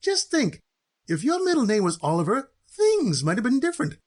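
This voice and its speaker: A lazy, gloating scoundrel of a cousin from a cartoon, as a man puts him on. He speaks smugly in a high, lively voice with a husky rasp. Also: normal speed, full character voice. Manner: smug and gloating. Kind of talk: cartoon voice acting.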